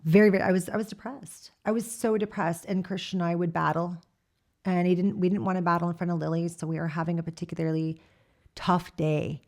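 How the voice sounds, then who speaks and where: A woman in her thirties tells her personal testimony to an interviewer, candid and animated as she acts out what each person said. Her voice sits fairly low and has a gravelly, fry-laced edge. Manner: candid storyteller who quotes herself and laughs often. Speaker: church member giving her testimony.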